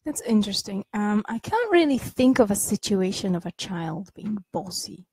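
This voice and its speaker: A woman's voice: mid-range voice, very animated, normal speed, darkish tone, husky, dry recording, rough recording. A woman speaking casually as a guest on a parenting podcast, chatty and full of restarts and asides. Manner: chatty, many restarts and "you know", laughs easily.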